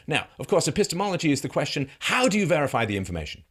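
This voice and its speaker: A man's voice: a little high, very animated, fast, a bit bright, slightly rough. A man delivering a political commentary monologue, mocking and sarcastic, firing off heated rhetorical questions. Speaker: commentary host.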